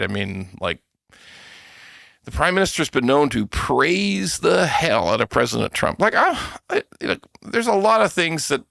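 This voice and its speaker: Recorded cleanly in a studio with no room sound, this podcast host has a gravelly, medium-pitched voice. He's a Canadian man tearing into politics in a loose, mocking rant, laughing as he parodies what politicians say.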